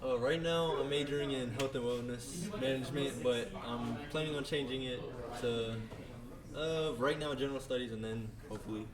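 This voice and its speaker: A man's voice: mid-range voice, normal speed. Polite young man with crowd chatter. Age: young adult. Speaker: college esports player. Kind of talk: casual interview. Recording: noisy crowd behind.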